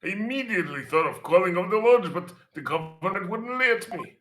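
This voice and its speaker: A man's voice: high voice, very animated, normal speed, sharp tone, slight background noise, heavily acted. A man from Poland voicing a proud male space center director in a fan voice-acting read of a game script, using a put-on Russian accent and a grandiose delivery. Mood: solemn. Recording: roomy echo with music behind.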